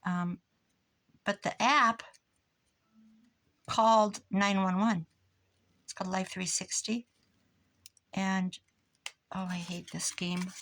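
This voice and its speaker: A woman's voice: medium pitch, little pitch movement, slow, long pauses, fairly bright tone. An older woman, a grandmother, chatting casually in her craft room, rambling from one story to the next as she works on pages. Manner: rambling, chatty, jumps between stories. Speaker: crafting vlogger. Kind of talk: casual chat while crafting. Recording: noisy home recording.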